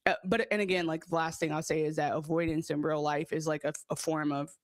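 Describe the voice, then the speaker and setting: A woman co-hosting a podcast, laying out her theories at length in calm therapy language. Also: low voice, a little fast, no echo. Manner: reflective, explains ideas at length in therapy language. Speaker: podcast co-host. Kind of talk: casual recap chat.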